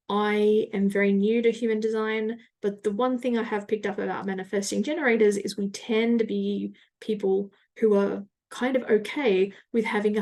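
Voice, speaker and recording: A woman's voice: medium pitch, darkish tone. Woman podcast host, solo monologue, chatty and self-reflective. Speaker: podcast host and business coach.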